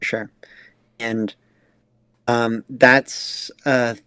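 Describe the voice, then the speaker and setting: A man's voice: medium pitch, flat delivery, drawn-out words, pushed and bright, clean tone, dry recording. A young man hosting a casual podcast, asking loose questions with lots of fillers. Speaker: podcast host.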